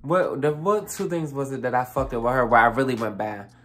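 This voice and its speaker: A young adult vlogger recounting a story in a casual, animated way. The voice sits at a middle pitch and the talk is loose and profane, with plenty of fillers and asides to the viewers. Faint music runs underneath. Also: a little fast.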